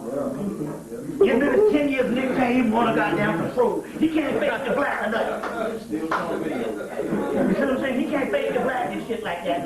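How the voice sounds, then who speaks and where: A man giving a profane lecture to a live audience, animated and laughing, telling stories in street talk with call-and-response asides. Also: sits high. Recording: very echoey room, distant mic, archive tape.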